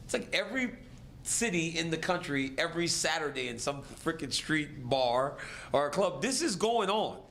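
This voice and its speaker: A man's voice: on the high side, moderate pace, a little hiss or hum. A man, a fighter, casually telling a story, acting out the voices of the others and laughing along. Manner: animated, acts out the other voices and laughs between lines.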